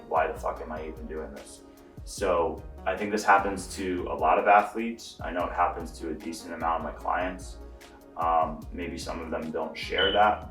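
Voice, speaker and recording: A man's voice: low-pitched, far from the mic. A young man giving a casual bodybuilding vlog update, explaining at ease with lots of fillers. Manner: relaxed, explanatory, with frequent fillers. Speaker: bodybuilder answering viewer questions. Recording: echoey room, voice from off the mic, faint music.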